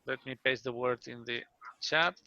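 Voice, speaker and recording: A man's voice: medium pitch, fairly even intonation, moderate pace, bright, forceful tone. A man hosting an online speaking club meeting, chatty and self-deprecating, talking over a computer mic on a call. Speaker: meeting host. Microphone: computer mic on video call. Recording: dry, slightly dull call audio.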